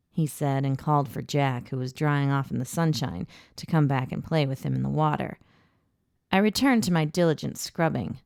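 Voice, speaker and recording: A woman narrating a first-person audiobook in an even, intimate storytelling voice, recorded close in a booth. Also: rumbling low, normal speed, gravelly, dry recording.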